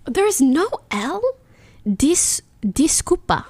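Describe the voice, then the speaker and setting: A woman's voice: high voice, sing-song, extremely slow, darkish tone. A young woman livestreamer in casual, playful chat, giggling as she sounds out foreign phrases.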